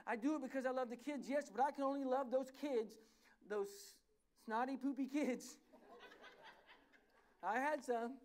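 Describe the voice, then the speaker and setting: A pastor preaching a sermon in a church, telling stories animatedly and often correcting himself mid-sentence. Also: male voice, very high voice, a little fast, slight background noise. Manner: animated, self-correcting storyteller.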